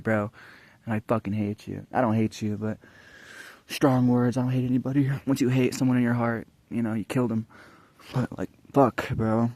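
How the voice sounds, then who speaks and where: A man's voice: mid-range voice, darkish tone, dry recording. A young adult man vlogging in a casual, rambling monologue, swearing often and restarting his sentences. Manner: profane, rambling, frequent restarts.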